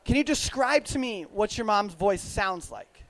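Very high-voiced man giving a faith talk. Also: lively intonation, measured pace, fairly bright tone, poor audio. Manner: casual, chatty, laughs often, questions the crowd. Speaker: youth minister. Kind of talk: interactive faith talk to an audience.

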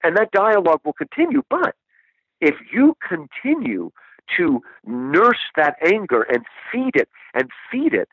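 This man's high voice swings widely in pitch, slightly rough and measured in pace, as he enthusiastically discusses a book as a guest. He animatedly asks rhetorical questions and keeps repeating "right?". The dull, dry lo-fi recording has no room sound.

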